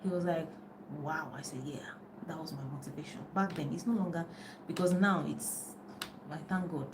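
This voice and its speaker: A woman's voice: sits low, normal speed, noisy background. A middle-aged woman coach talking casually and chattily on a live video, often losing her thread and laughing. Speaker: life and business coach. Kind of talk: casual live-stream talk. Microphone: phone on a live video.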